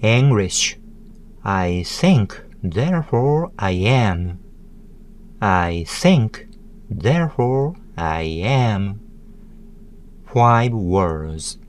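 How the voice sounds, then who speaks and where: A man giving a scripted tutorial narration, deliberately sounding out words one syllable at a time. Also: fairly low pitch, sing-song, a little hiss or hum.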